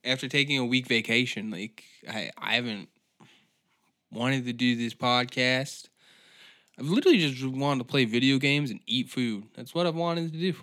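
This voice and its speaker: A man's voice: medium pitch, normal speed, fairly bright tone. A man hosting a comedy podcast, ranting in an exasperated, profane monologue. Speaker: podcast host.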